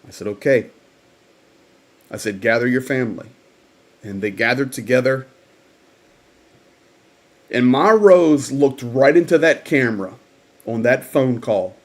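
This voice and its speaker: A man hosting a livestream who tells his account slowly and earnestly. His voice sits at a middle pitch, and he takes his time with his words. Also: lively intonation. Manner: slow, earnest storytelling. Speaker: host. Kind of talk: livestream update.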